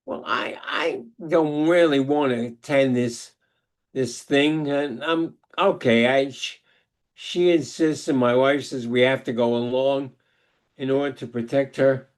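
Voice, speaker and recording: Older man, slow measured lecture, halting restarts, personal storytelling, video call mic. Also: medium pitch, fairly even intonation. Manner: deliberate, halting delivery with many restarts. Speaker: psychologist giving a webinar talk. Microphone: video call microphone.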